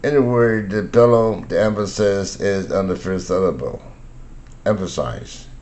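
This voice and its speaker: Slowly working through English word lists, this older English pronunciation teacher from Taiwan, whose first language is Mandarin, reads vocabulary and example sentences one careful word at a time. His voice is deep and a little mellow.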